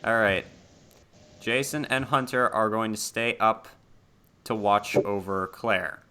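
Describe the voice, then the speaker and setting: A man's voice: on the low side, takes it slowly, pushed and bright, clear, resonant tone. A man narrating a tabletop horror game as game master, casual, with laughing asides and many ums.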